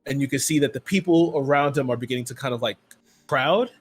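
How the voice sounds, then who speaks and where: A man's voice: medium pitch, fast talker, breathy edge. A man narrating as game master of a tabletop role-playing game, rambling and loose, with many "like" and "um" fillers.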